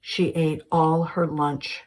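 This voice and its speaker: A woman's voice: sits low, little pitch movement, takes it slowly, darkish tone, far from the mic. A woman voicing a mature woman caregiver giving a plain, reassuring report in a screenplay reading.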